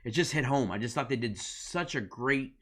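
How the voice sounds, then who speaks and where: A man co-hosting a review podcast in a casual chat, excitedly retelling scenes and acting out quotes, full of fillers. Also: mid-range voice, normal speed. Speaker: podcast co-host.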